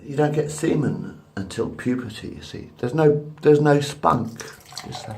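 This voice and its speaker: A man's voice: mid-range voice, lively intonation, normal speed, gravelly, a little mellow. A man in his fifties rambling crudely and repetitively to a camera at home. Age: 50s. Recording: echoey room.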